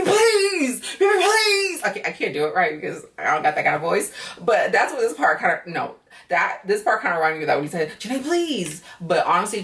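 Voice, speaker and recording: A woman's voice: fairly low pitch, a bit bright, recorded from a distance. A woman giving a frank, chatty recap of a reality show on her vlog, swearing freely. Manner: frank, chatty, with heavy profanity.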